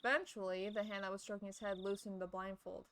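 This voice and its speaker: A woman's voice: medium pitch, steady tone, fast, fairly bright tone, a little hiss or hum. A playful, giggly young woman streaming, reading a visual novel aloud and chatting with viewers.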